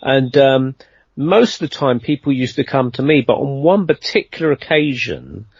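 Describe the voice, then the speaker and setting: A man's voice: medium pitch, big pitch swings, normal speed, a little mellow, slightly rough, dry recording, muffled recording. A man telling a long anecdote in a casual interview, rambling and conversational, with lots of fillers and restarts. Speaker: guest storyteller.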